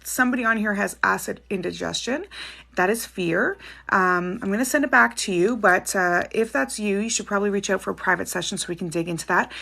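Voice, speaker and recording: Chatty woman with a gravelly edge. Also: mid-range voice, brisk, bright, forceful tone. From Canada. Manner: chatty, reassuring, reads names and questions aloud. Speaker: psychic livestream host. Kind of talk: live-stream reading of viewer questions.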